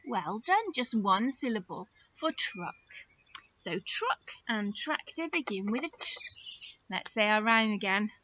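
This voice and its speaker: A woman's voice: on the high side, pushed and bright, a little hiss or hum, rough recording. A middle-aged woman teaching a phonics lesson to young children, coaxing them with sing-song questions and repeated rhymes.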